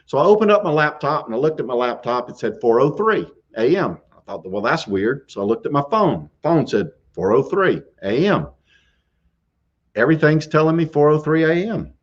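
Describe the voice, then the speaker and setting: A man's voice: on the high side, very animated, normal speed. Chuckling man telling a spooky tale. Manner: chuckles often through a spooky tale, with restarts. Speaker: show host telling a scary story. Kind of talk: casual live-stream storytelling. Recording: dull lo-fi stream audio.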